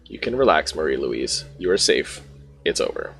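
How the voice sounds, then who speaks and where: Guy reading an icy rich old dad, deep gravelly voice. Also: big pitch swings, normal speed, fairly bright tone, heavily acted. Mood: stern. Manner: reads game dialogue aloud without doing a voice. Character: cold, stern wealthy old father.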